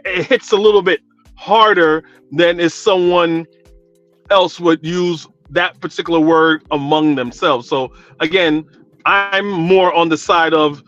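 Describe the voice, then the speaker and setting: A man's voice: fairly high pitch, a bit bright, dry recording. New man calling in on a dull line. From New York, Guyanese descent. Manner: casual, talks at length with many fillers. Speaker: caller. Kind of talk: call-in radio chat.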